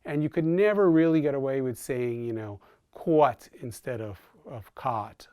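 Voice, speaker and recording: A man's voice: mid-range voice, normal speed, warm tone, clear, resonant tone, dry recording, clean studio sound. A man with a New York accent, a linguistics professor explaining in an interview. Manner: explanatory, lecturing.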